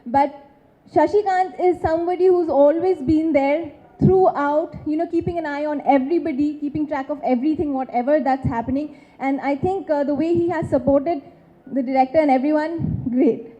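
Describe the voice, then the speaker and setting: A woman's voice: high voice, steady tone, normal speed. A woman from West Bengal, an actress, giving emphatic, effusive thanks at a film launch. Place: film launch event stage. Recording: dull lo-fi sound.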